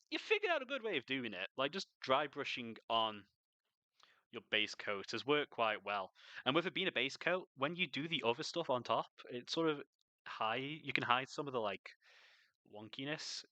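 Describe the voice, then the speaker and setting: A man's voice: medium pitch, sharp tone, dry recording. A young man chatting casually and swearing freely as he paints miniatures on a stream. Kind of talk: casual chat while painting.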